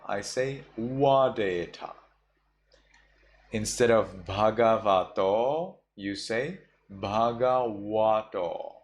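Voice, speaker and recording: Slow-spoken man teaching a class. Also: medium pitch. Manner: slow, explains step by step with many fillers. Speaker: Buddhist monk teacher. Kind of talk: online class lesson.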